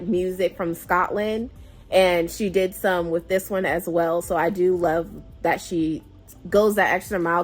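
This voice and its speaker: A woman hosting a casual book club vlog, chatty and emotive, often sighing as she reacts to the story. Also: on the low side. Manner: chatty and emotive, with frequent sighs.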